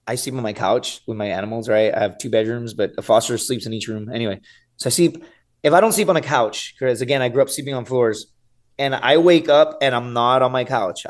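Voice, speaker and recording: Give me a man in his thirties with a voice of middling pitch, recounting a story on a podcast in a loose, animated way, peppering his talk with "dude" and "right?" and the odd curse word. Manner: animated, swears freely, says "dude" and "right?" often. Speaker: podcast guest, survival show contestant. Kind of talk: casual interview storytelling.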